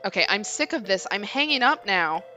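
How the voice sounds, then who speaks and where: A woman reading a game aloud and voicing an impatient man who snaps, speaking brightly with lively pitch. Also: soft background music, full character voice. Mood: exasperated. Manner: sharp, exasperated, quick to snap. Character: brusque harried adult man, impatient, snappish.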